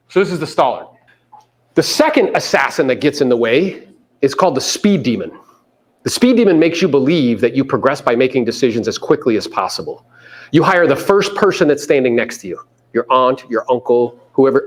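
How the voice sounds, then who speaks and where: A man coaching a live audience in a meeting room, animated and casual, sometimes coarse, often acting out other people's voices. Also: medium pitch, fairly quick. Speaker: real estate coach. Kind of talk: live seminar talk to an audience.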